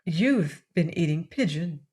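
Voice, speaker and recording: A shy, devoted young secretary from a storybook speaks earnestly and stammers when she is flustered, as a woman reads her. The delivery is slow and even. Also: low voice. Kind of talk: audiobook character reading.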